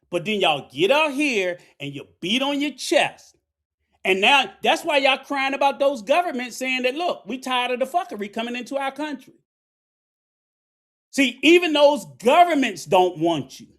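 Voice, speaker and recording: A middle-aged man delivers a heated, profane commentary rant. His voice sits unusually high for a man, and he preaches and scolds throughout. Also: fairly bright tone. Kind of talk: ranting commentary.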